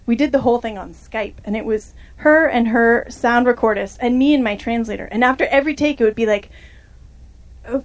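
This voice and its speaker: A woman's voice: fairly high pitch, fast. A young woman filmmaker answering audience questions after a screening, in a chatty way full of fillers and restarts.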